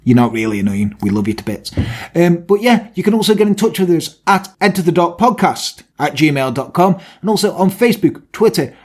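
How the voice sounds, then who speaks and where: Chatty, joking man, fairly high voice. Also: sing-song, brisk. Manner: chatty, jokey and self-mocking. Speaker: podcast co-host. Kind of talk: casual podcast chat.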